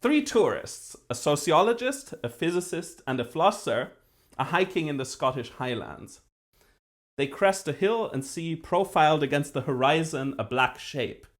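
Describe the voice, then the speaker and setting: A man giving a university philosophy lecture as the professor, precise and lively, with dry self-deprecating humor. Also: on the high side, moderate pace. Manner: acts out voices when telling a joke.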